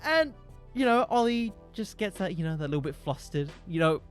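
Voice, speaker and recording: A man hosting a podcast, spinning comedic stories in a rambling, jokey voice that swings up and down freely. Faint music sits quietly behind him. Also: high-pitched, sing-song, normal speed. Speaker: podcast host.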